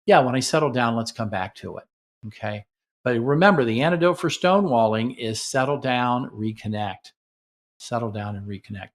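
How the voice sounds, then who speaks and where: A man hosts a radio show about relationships. He coaches in a casual, conversational way and keeps checking in with "right?". His voice sits at a middle pitch. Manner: coaching, acts out partner dialogue, asks "right?". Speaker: radio host and relationship counselor. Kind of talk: casual teaching talk on radio.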